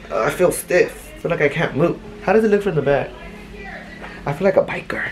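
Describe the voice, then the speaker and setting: A young adult vlogger in a casual chat, showing off new purchases at home and telling stories in a rambling, animated way. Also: mid-range voice, fairly quick, a little hiss or hum. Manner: chatty, rambling, animated storyteller. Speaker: vlogger showing a shopping haul. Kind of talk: casual haul vlog chat. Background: faint music.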